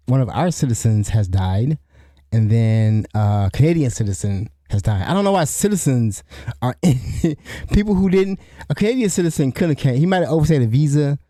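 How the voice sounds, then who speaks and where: A man's voice: medium pitch, mellow, no echo, studio quality. A middle-aged man hosting a solo podcast, rambling with frequent restarts and asides to the listener. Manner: rambling, restarts often, asks "you know what I'm saying?". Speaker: podcast host. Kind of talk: solo commentary.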